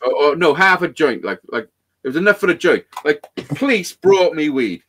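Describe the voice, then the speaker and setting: A man on a livestream, telling rough stories in casual chat, swearing constantly and acting out the dialogue. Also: on the high side, big pitch swings, normal speed, a bit bright. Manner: swears constantly, acts out quoted dialogue animatedly. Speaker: livestream co-host.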